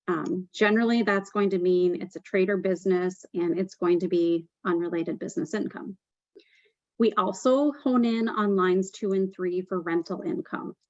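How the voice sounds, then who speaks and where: Woman presenter, mid pitch, steady explanatory delivery with fillers, dry muffled webinar sound. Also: dry recording.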